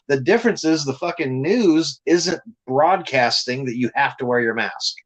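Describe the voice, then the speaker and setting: A man's voice: a little high, animated, normal speed, hardly any pauses, low-quality recording. A man, a comic creator, telling blunt, profane stories in a casual podcast chat.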